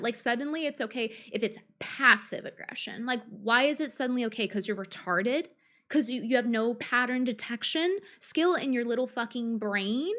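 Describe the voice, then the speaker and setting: A woman streamer speaks in a fairly high voice, ranting on a live stream. She is combative and profane, piles on fillers and restarts, and keeps circling back to her point. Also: fairly bright tone. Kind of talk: live-stream reaction rant.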